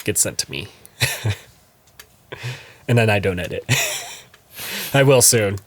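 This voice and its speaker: A young man co-hosting a podcast in casual chat, laughing often and jumping into high mocking voices. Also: lively intonation, slow pace. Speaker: podcast co-host.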